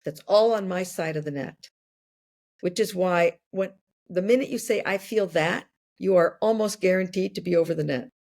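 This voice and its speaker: Gravelly older woman explaining patiently. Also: fairly low pitch, moderate pace, a little mellow. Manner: explanatory, uses worked examples. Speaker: guest. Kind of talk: conversational interview.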